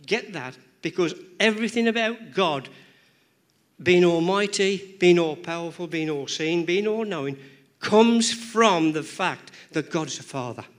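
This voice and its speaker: A male preacher delivering a sermon in a church, his voice sitting a touch higher than most men's. He talks in rhythmic, emphatic runs, circling back over words and phrases to drive each point home. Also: measured pace.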